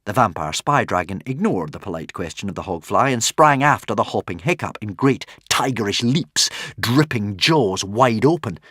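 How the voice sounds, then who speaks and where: A man narrating a children's adventure audiobook in an animated, dramatic way with playful asides. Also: lowish voice, normal speed, hardly any pauses, no echo, clean studio sound. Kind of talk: expressive storybook narration.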